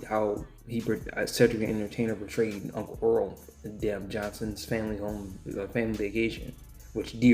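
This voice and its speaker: Young guy rambling through a movie review, kinda low voice, offhand, restarts a lot. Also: a little mellow. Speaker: film reviewer. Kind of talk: casual spoken movie review.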